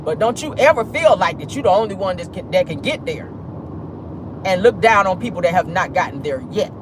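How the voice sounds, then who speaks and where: A woman's voice: fairly low pitch, lively intonation, brisk, noisy background. A woman with an African American Vernacular English accent hosting a casual livestream, talking bluntly and sassily and laughing often. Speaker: vlog host.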